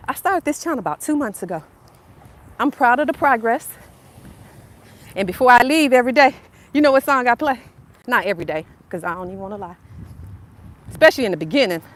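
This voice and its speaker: On a narrow sidewalk alongside a road, a woman in her fifties with a Southern US accent hosts a casual motivational livestream through a propped-up phone. Her voice is fairly high. She chats directly with viewers and repeats herself as she goes, while traffic passes faintly in the background.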